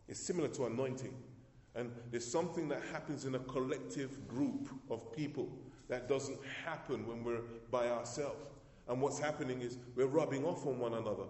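A male pastor delivering a sermon in a church hall, his mellow, warm voice carrying a long echo around the room. He preaches emphatically, repeating words and lifting his pitch to drive points home. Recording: echoey hall.

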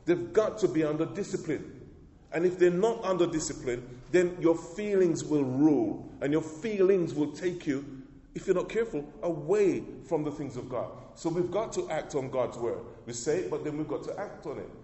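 A male pastor with a slightly higher-than-usual voice preaches to his congregation. His delivery is emphatic, and he often calls the room to answer back. He repeats and restarts phrases as he goes, and his voice rings through a reverberant church hall. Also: animated, normal speed, hardly any pauses, warm tone. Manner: emphatic preaching with call-and-response. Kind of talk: sermon. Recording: echoey hall with long reverb.

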